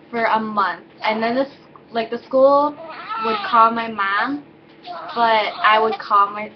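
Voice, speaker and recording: Recorded at home with a baby indoors, a teenage girl vlogger tells a personal story loosely and ramblingly, full of fillers and self-corrections. Her voice is a little high, and the recording is muffled.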